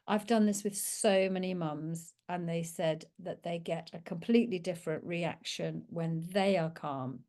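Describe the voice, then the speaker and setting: A woman, working as a parenting coach, gently and reassuringly explains a calming technique. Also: lowish voice, a little slow, hardly any pauses. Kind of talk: talking-head teaching video.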